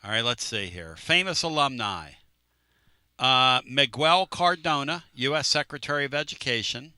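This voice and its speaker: Brash talk radio guy rambling on, super bright voice, dry mic. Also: mid-range voice, expressive, moderate pace, clear, resonant tone, dry recording. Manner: brash, rambling, teasing storyteller. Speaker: radio sports talk host. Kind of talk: casual sports radio chat. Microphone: studio microphone.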